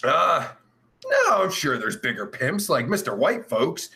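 Man, loud livestream host, gravelly, high and swooping, yelling and cursing. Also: very animated, unhurried. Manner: yelling, swearing, cackling. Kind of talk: loud crude livestream chat.

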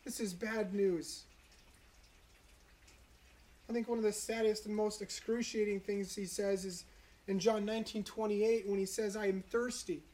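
A preacher giving an earnest, reflective sermon, citing scripture and slowing down to stress key moments. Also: mid-range voice, little pitch movement, mellow. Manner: earnest, reflective, slows for emphasis.

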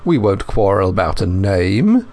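A man voicing a sinister old gentleman villain. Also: sits low, big pitch swings, unhurried, voice pushed down, exaggerated voice. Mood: coolly menacing. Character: sinister old gentleman, calm, menacing mastermind. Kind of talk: audiobook character voice.

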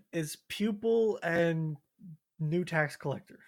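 Higher-voiced young man, easygoing and laughing. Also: drawn-out words. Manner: easygoing, laughs often, agreeable. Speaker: podcast co-host. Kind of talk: casual chat.

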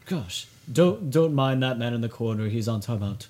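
A man's voice: mid-range voice, animated, unhurried, darkish tone. A man playing a mock job interviewer in an improvised comedy sketch, flustered and stammering. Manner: flustered, stammering, breaks into laughter.

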